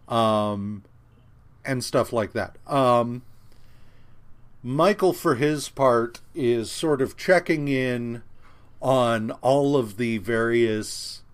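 Slow, rambling man recapping comics. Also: mid-range voice. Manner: rambling, profane, frequent fillers and restarts. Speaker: podcast co-host. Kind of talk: casual comic book recap chat.

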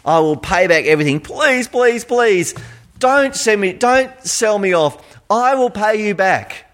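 A man's voice: animated, measured pace, fairly bright tone. A man voicing a desperate servant who begs a king for more time to repay his debt. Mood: pleading. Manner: pleading, high and urgent.

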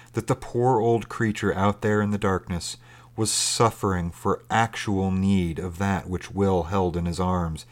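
A man narrating a story in a measured, steady reading. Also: on the low side.

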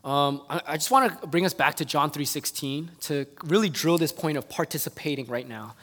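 A man preaching a sermon, telling stories animatedly and moving between hushed and loud passages. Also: fairly high pitch, fairly quick, long reverb tail. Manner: animated storytelling with quoted voices, swinging from hushed to loud.

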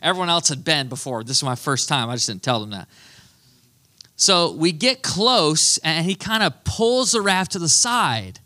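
A male pastor preaching in a lively storytelling way, poking fun at himself as he goes. His voice sits a little high and sounds bright and forceful. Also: normal speed. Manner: animated, self-deprecating storyteller. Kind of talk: storytelling sermon.

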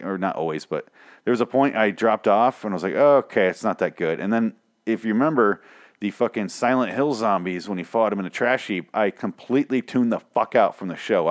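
Profane, sarcastic young man ranting solo. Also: on the low side. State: weak, strained voice. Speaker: podcast host. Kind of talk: solo podcast review rant. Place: home room with dogs. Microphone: desk microphone.

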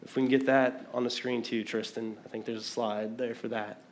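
A middle-aged man from the American Midwest preaching a sermon in a church hall, fast and conversational, often repeating his words as he talks. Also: medium pitch, flat delivery, a little hiss or hum. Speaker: pastor.

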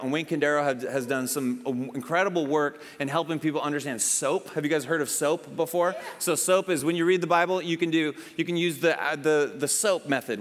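A man preaching a sermon in a church hall, his voice a bit higher than most men's. He talks in a loose, conversational way and acts out little exchanges as he tells stories. The long reverb of the hall trails after his words. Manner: conversational, animated storytelling with acted-out dialogue. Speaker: pastor.

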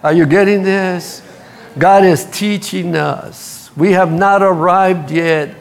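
A man preaching a sermon, telling stories with lively energy and speaking straight to his congregation. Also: high voice, takes it slowly, creaky. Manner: animated storytelling, acts out quotes, laughs at his own stories; addresses the congregation directly. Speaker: pastor.

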